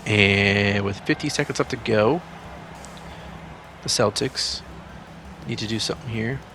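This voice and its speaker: A man calling play-by-play over a basketball video game, excitable and jumping up in pitch on big plays, with chatty asides in between. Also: unhurried, background noise. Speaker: gaming channel host.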